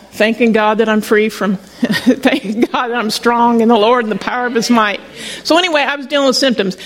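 Middle-aged woman preacher, higher pitched, talking through a personal story in a loose, stop-start sermon style. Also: low-quality recording. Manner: conversational storytelling with frequent restarts. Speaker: pastor.

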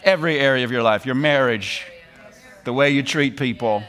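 With a mid-range voice at a moderate pace, this middle-aged man preaches with animation, driving points home through repeated phrases and laughter.

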